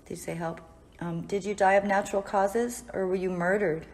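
A woman realtor and ghost hunter asking spirits gentle, apologetic questions in an empty house. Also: medium pitch, steady tone, brisk. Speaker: realtor and paranormal investigator. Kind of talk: casual talk to spirits during a ghost hunt. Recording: loud hiss, air conditioner hum.

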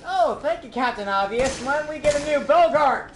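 A man co-hosting a let's play with friends, excitable and shouting at the game. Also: very high-pitched, moderate pace. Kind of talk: casual gaming chat. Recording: echoey room with loud noise.

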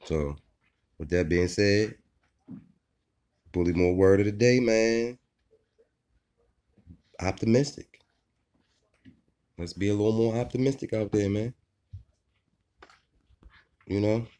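A man with a somewhat low voice talks casually to his viewers about his dogs. He is laid-back and joking, and he keeps checking in with them as he goes. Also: slow pace, long pauses, mellow. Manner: laid-back, joking, repeats "you know what I mean". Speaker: dog owner and vlogger. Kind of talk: casual vlog chat.

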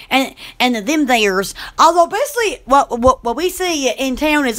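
A woman's voice: sits high, big pitch swings, normal speed, hardly any pauses, fairly bright tone. A woman hosting an online shop chat, rambling, giggling and gasping between exclamations. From Alabama.

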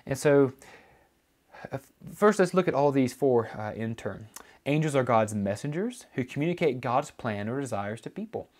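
A man's voice: mid-range voice, darkish tone. A man preaching a teaching sermon, explaining scripture in a loose way with frequent fillers and restarts. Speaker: pastor.

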